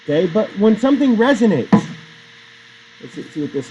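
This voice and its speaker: Guy teaching a class, high voice, rambles off topic and asks the room questions, kinda muffled recording. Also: sing-song, moderate pace, mellow, slight background noise. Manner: chatty and digressive, quizzing the class. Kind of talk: classroom lecture. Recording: dull lo-fi sound.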